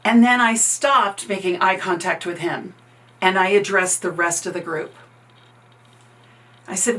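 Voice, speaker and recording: A woman's voice: mid-range voice, measured pace, pauses often, a bit bright, a little hiss or hum. Woman coach telling a workplace story. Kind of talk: storytelling talk.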